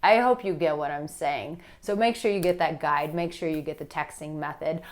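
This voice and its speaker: A woman dating coach giving casual advice straight to camera, animated and blunt, with some swearing. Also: low voice, moderate pace. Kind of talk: direct-to-camera advice vlog.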